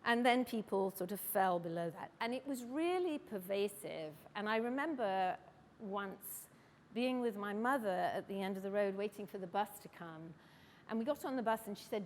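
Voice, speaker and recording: A middle-aged woman with an English accent shares a personal story on stage. She speaks in a reflective, wry, measured way. Her voice carries a long hall reverb. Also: mid-range voice, lively intonation, darkish tone, slight background noise. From England. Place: stage event.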